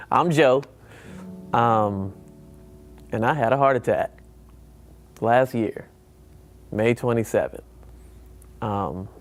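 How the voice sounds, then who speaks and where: A man sharing a personal testimony, animated, acting out the people in his story with big jumps in his voice. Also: medium pitch. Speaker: church member sharing testimony.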